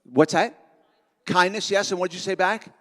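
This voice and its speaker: Man, middle-aged, motivational school speaker, jokey and self-mocking, lively crowd work, long auditorium echo. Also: high voice, normal speed.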